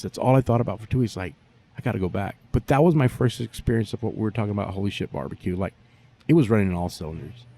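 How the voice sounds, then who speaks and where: A man, a barbecue pitmaster telling stories in a profane, animated way during a casual interview. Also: low voice, vocal fry.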